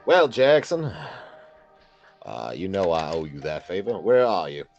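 A man voicing a courtly, suave gentleman with a put-on American Southern accent, playing a tabletop game. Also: low voice, very animated, measured pace, gravelly, highs cut off, faint music behind, exaggerated voice. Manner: courtly, formal.

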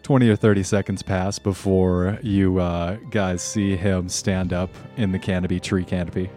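Game master, man, lowish voice, relaxed narration, soft music under it. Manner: relaxed, halting with fillers.

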